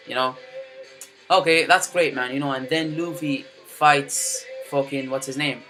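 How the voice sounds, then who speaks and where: A man's voice: medium pitch, fairly even intonation, moderate pace, a bit bright, soft background music. A young man ranting casually about an anime, swearing a lot and filling his talk with "you know" and "man". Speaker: anime fan commentator. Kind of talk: casual rant to camera.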